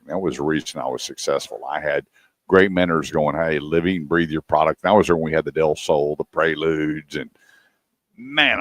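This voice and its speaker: A man with a very deep voice, hosting a radio talk show in a dry, close studio sound. He spins a casual story and acts out what each person said. The voice carries a host's easy, conversational ease. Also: no echo. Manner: animated storyteller acting out quoted dialogue.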